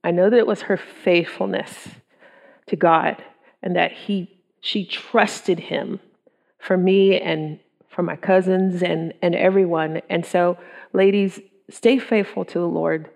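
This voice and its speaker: A woman's voice: lowish voice, steady tone, takes it slowly, gravelly, darkish tone. A middle-aged woman giving an earnest, conversational testimony to a women's group, often with ums and quoted thoughts. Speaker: women's ministry speaker.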